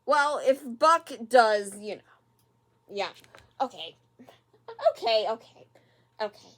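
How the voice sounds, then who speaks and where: A person hosting a reaction video, talking casually and rambling with many fillers and repeats, sighing in exasperation at the show. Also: female voice, a little high, expressive, slow pace, a bit bright.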